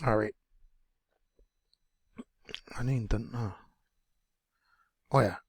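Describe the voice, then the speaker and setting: Guy with a gravelly voice, slow careful syllable drills, dry sound. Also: fairly low pitch, no echo. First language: English. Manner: slow, repeating words syllable by syllable. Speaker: language teacher. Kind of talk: pronunciation lesson.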